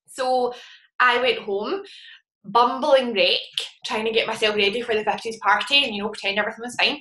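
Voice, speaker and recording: Animated woman trainer in an echoey room. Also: fairly high pitch, a little fast. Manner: animated storytelling, acts out her own panic. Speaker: network marketing trainer. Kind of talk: motivational training talk.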